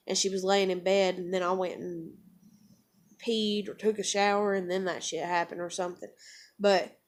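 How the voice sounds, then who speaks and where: A middle-aged woman telling a personal story in a rambling, profane, casual way. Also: mid-range voice. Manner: rambling, profane, many fillers. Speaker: vlogger.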